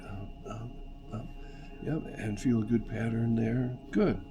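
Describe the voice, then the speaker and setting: A man's voice: medium pitch, takes it slowly, noisy background. A man teaching congregational song leading, patiently coaching and counting beats aloud. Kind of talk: instructional lesson. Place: church.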